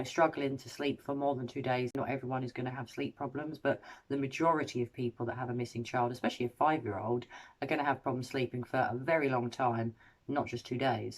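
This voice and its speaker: A woman hosting an analysis video, paraphrasing recorded quotes and weighing each one in a measured, analytical way. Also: extremely low pitch. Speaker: host analysing a recorded interview. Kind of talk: scripted commentary.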